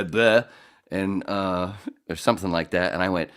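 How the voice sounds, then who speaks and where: Low-voiced middle-aged podcast host. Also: male voice, steady tone, fairly bright tone, clear, resonant tone. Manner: rambling, halting, self-deprecating. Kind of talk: casual chat.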